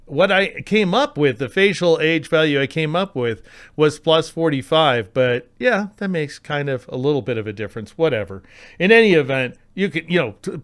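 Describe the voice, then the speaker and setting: Chatty, wry man teaching software. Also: a little high. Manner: chatty, wry asides, playful exaggeration. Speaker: software tutorial host. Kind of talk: screen-recorded software tutorial.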